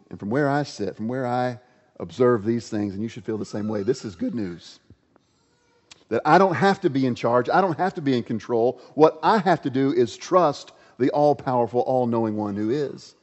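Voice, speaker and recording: Conversational preacher in an echoey hall. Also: male voice, medium pitch, moderate pace. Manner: conversational, animated storytelling preacher. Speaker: pastor. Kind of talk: sermon. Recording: echoey hall, dull lo-fi sound.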